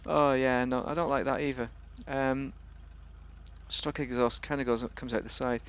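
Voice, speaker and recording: Male game host, loose conversational review delivery, easygoing humour, average pitch. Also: fairly even intonation, normal speed. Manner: chatty, rambling, jokey. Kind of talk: casual game car review commentary.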